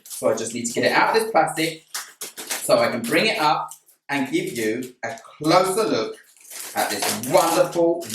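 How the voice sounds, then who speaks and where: A man vlogging about a plant he bought, gushing and excited as he tells the story and shows it off. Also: on the high side, slight background noise. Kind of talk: casual haul video. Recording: roomy sound from a distant mic.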